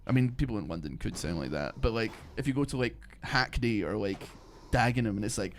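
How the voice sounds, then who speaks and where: A man's voice: on the low side, expressive, brisk, a little hiss or hum. A man streaming a video game, chatting casually in a rambling way with lots of fillers. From Scotland. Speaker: gaming streamer. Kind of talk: casual gameplay commentary.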